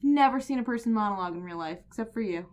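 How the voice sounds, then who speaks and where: A woman's voice: fairly high pitch, expressive, rapid-fire, darkish tone. A woman co-hosting a podcast, recapping comics in casual chat with a wry, teasing manner and playful asides. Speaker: podcast co-host.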